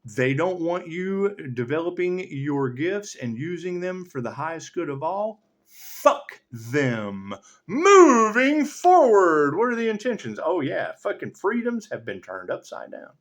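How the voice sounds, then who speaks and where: Animated, profanity-laced man rambling. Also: fairly high pitch, unhurried. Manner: profane, laughs often, swings between loud and muttered. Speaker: tarot reader. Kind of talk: rambling spiritual monologue.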